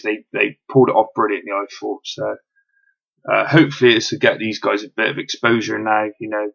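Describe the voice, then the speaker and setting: A man's voice: on the low side, creaky, fairly bright tone. A young man giving a casual, rambling solo review with lots of fillers, eager about what he's recapping. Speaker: wrestling show reviewer. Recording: dull lo-fi home recording.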